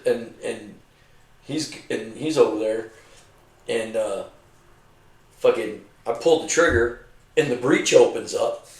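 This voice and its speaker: A man's voice: mid-range voice, takes it slowly, pauses often. A middle-aged man, a retired army veteran, telling profane stories over drinks and acting out the voices of the men he served with. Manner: profane, animated storyteller acting out his comrades' voices. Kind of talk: casual storytelling over drinks. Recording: roomy, mic at a distance.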